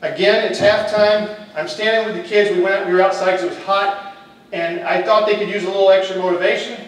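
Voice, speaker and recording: A middle-aged man who coaches football and teaches shares his personal testimony, telling it candidly and with humor. His voice sits high, with a level tone and a brisk pace. He was recorded in an echoey hall from a distant mic.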